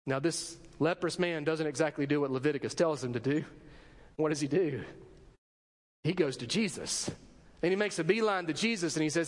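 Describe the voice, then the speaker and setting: A man's voice: fairly high pitch, animated, normal speed, in a large hall. A man preaching a sermon as pastor, asking rhetorical questions and acting out short quotes.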